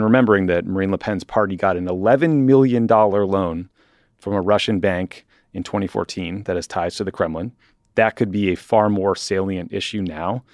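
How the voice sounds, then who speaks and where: A man's voice: low-pitched, no room sound, clean studio sound. A man hosting a podcast, giving opinionated news commentary with wry asides and frequent ums and uhs. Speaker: podcast host.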